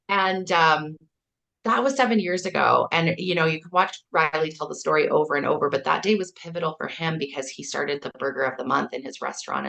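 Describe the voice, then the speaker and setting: Middle-aged canadian woman, low gravelly voice, earnest kindergarten teacher telling stories, acts out quotes. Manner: earnest, storytelling, acts out quotes with lively animation. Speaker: kindergarten teacher and author, guest. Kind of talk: conversational podcast interview.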